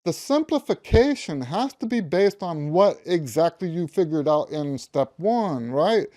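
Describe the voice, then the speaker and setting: A man's voice: on the high side, lively intonation, unhurried, dark tone. A man in his fifties teaching a practice method, stressing key words and humming notes as he explains. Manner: emphatic, repeats key words, hums note syllables. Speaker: music teacher. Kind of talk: instructional talk to camera.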